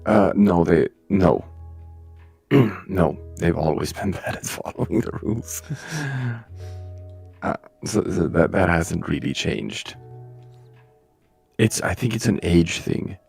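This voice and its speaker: Man, very deep voice, gravelly fry, husky, hushed close-mic chat, faint music behind. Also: takes it slowly, long pauses. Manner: speaking low and close to the mic. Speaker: subreddit moderator on a livestream. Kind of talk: casual livestream chat. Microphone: close desktop mic.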